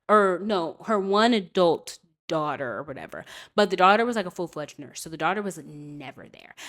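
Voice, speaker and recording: A young woman with a slightly low voice hosts a podcast and rambles through a personal story. She talks casually and emphatically, wanders off on tangents and keeps tossing in "okay?" to her listeners. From California. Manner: chatty, digressive, emphatic with frequent "okay?". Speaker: podcast host.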